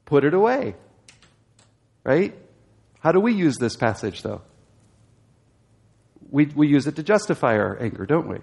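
A man's voice: a little high, sing-song, a little slow, creaky, long pauses, a little mellow, breathy edge. A man teaching a Bible study class, explaining a passage and asking his listeners questions, growing emphatic as he exhorts.

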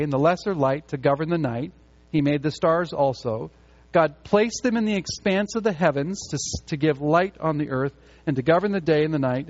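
A man preaching a sermon with emphasis, repeating key phrases to drive them home. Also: fairly high pitch. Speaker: pastor. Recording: muffled lo-fi sound.

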